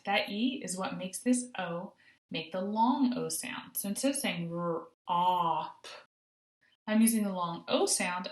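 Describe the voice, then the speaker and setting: A woman teaching a phonics lesson to young children, sounding out letters slowly and praising often. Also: medium pitch, reverberant. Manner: encouraging, sing-song praise, slow sounding out of letters. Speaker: kindergarten teacher.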